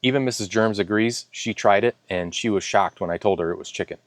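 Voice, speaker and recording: A man's voice: on the low side, fairly quick, no echo, clean studio sound. A man casually reviewing and taste-testing a ration pack at home, talking enthusiastically, sometimes with his mouth full. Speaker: food reviewer. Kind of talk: casual taste-test vlog. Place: home garage.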